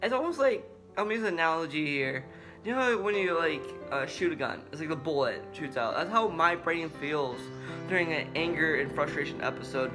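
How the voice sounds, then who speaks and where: A young man talking casually to camera as a vlogger, halting with many fillers and restarts. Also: on the high side, expressive. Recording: guitar music in background.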